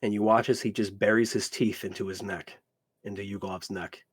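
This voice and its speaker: A man's voice: lowish voice, steady tone, moderate pace, slightly rough. A man running a tabletop game as dungeon master, narrating in a rambling way. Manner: rambling, repeats "you watch" and "literally".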